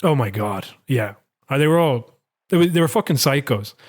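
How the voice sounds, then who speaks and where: A man co-hosting a podcast, telling stories in a rambling, sweary, animated way. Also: medium pitch, moderate pace. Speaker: podcast co-host. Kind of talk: casual political chat.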